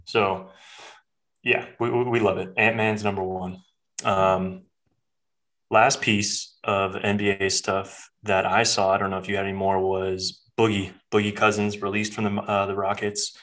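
A man's voice: lowish voice, level tone, unhurried, a bit bright, low-quality recording. A man co-hosting a podcast, chatting casually about sports in a laid-back, loose way. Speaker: podcast co-host.

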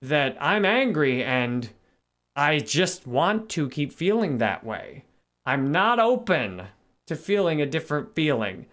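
Brief: man in his thirties, live stream host, reflective self-help talk, voice a touch high. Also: takes it slowly. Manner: calm, reflective, greets viewers by name between points.

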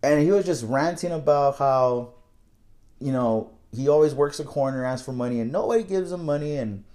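A man's voice: medium pitch, moderate pace, mellow. Candid, rambling young man with island lilt. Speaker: night-shift worker. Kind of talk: casual storytelling.

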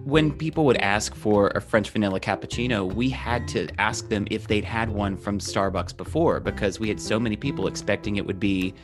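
A man hosting a podcast, chatting in a relaxed way with his guest. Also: on the low side, a little fast, few pauses, over music. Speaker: podcast host. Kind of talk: casual podcast conversation.

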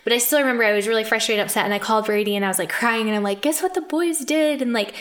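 A woman's voice: medium pitch, fairly even intonation, racing, a bit bright. A woman co-hosting a podcast, an adoptive mother telling stories about her children in a casual, chatty way, full of filler words. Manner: chatty, many "like" fillers, laughs often. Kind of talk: casual storytelling.

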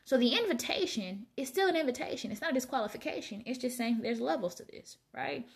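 A woman's voice: fairly high pitch, lively intonation, fast talker. A woman reading Bible passages aloud and reflecting on them in a casual, conversational way. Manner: conversational, reads scripture aloud then muses informally. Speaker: Bible study vlogger.

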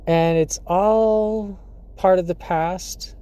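A podcast host delivers a casual solo monologue in a warm, steady, medium-pitched voice. He laughs often between thoughts and pauses with fillers and throat clearing.

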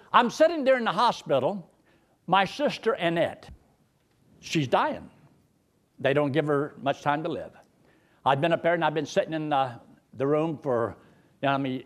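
Lively preacher with a high voice. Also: male voice, moderate pace, long pauses. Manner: folksy storytelling with jokes. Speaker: pastor. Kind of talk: sermon.

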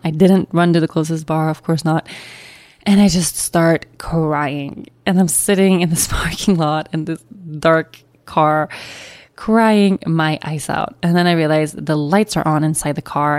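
A woman's voice: deep voice, a little mellow, no room sound. A young woman and new mother candidly telling a personal story in a chatty, emotional way. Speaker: podcast host.

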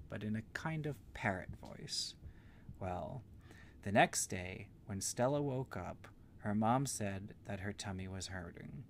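A man with a low, gravelly voice tells a meandering bedtime story in simple childlike words. His delivery is gentle and unhurried, and a faint hiss sits under the recording.

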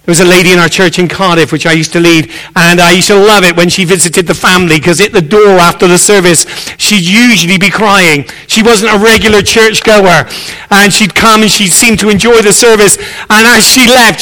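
High, bright-voiced preacher in an echoing church. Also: male voice, steady tone, normal speed. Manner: earnest and encouraging, repeats key phrases. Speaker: visiting preacher. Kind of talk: sermon. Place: church sanctuary. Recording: echoey church hall.

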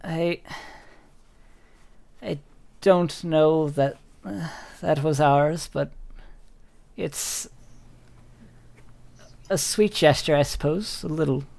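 A man voicing a confused, polite elderly woman in her sixties, speaking haltingly. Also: fairly high pitch, vocal fry, a little mellow, voice pushed up, exaggerated voice. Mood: wistful hesitation. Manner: hesitant, polite, faltering.

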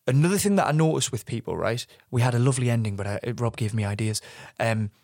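A man's voice: medium pitch, fast talker, creaky, dry recording, clean studio sound. A young man, co-hosting a casual chat and acting out the voices of people in his stories. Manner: animated storyteller, acts out quoted voices. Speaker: podcast co-host.

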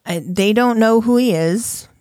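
A woman's voice: fairly high pitch, unhurried, darkish tone, no room sound, clean studio sound. A woman hosting a casual podcast, retelling odd news stories with swearing, laughter and acted-out quotes. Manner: laughing, profane, acts out quotes. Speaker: podcast host. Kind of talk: casual storytelling chat.

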